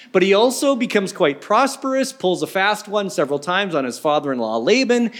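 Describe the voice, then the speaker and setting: A pastor retelling a story in a relaxed, chatty sermon. His voice sits a bit high for a man, and he keeps dropping in joking asides.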